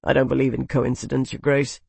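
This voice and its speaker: A shrewd, composed counselor, as the audiobook narrator reads him, close to the storyteller's own voice. He speaks calmly and precisely, every word quietly cutting. The recording is dry and close. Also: mid-range voice, brisk, creaky, husky, no echo. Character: shrewd, composed male advisor.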